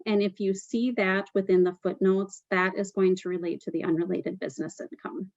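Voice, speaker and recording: A woman's voice: mid-range voice, little pitch movement, brisk, a little mellow, no room sound, muffled recording. A woman presenting a tax webinar, explaining step by step with frequent "um" fillers.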